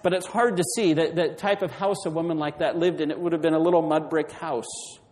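A man's voice: a little high, fairly even intonation, a little fast, darkish tone, in a large hall, slight background noise, poor audio. A man preaching a sermon, retelling a story and putting questions to the congregation. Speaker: pastor.

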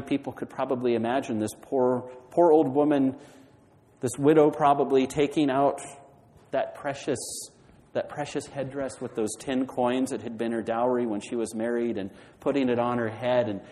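A man's voice: mid-range voice, fairly even intonation, normal speed, mellow, in a large hall, low-quality recording. A man preaching a sermon, retelling a story and putting questions to the congregation. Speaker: pastor.

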